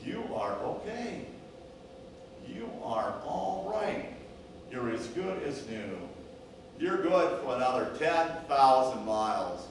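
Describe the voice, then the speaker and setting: A pastor voicing a gentle shepherd who comforts a hurt sheep slowly and calmly, in an echoey church from far off. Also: male voice, medium pitch, a little hiss or hum. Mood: reassuring. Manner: slow, calm, soothing reassurance. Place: church sanctuary.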